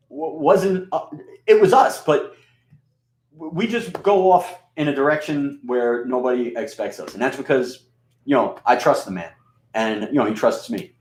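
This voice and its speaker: A man's voice: medium pitch, unhurried. Scratchy-voiced New York man rambling. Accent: New York mix of Queens and Bronx. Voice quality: scratchy, rustic. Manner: profane, rambling, with many fillers and restarts. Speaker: radio and video host. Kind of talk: casual rambling monologue. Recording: roomy echo.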